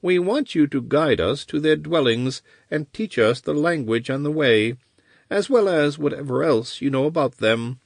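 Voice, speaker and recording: A man's voice: fairly high pitch, expressive, moderate pace, vocal fry, dry recording, pitched above the performer's own voice. Shorzan, a dry, bleak scheming wizard voiced by a man. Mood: cold. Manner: dry and clipped. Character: cold, bleak, scheming older male wizard.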